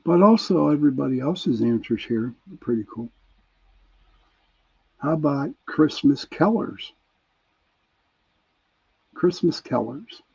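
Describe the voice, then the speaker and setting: A Pittsburgh-accented radio host reads listener messages on his casual chat show, chuckling and relaxed, pausing often. His medium-pitched voice is expressive, creaky, and dark with a breathy edge, at a moderate pace, on dull lo-fi audio.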